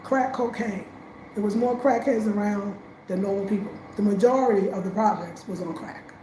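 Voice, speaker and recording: A woman from Brooklyn with a New York accent telling her life story, emotional and animated, jumping between loud bursts and quiet asides. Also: medium pitch, normal speed, roomy sound, a little hiss or hum, rough recording. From Brownsville, Brooklyn, New York.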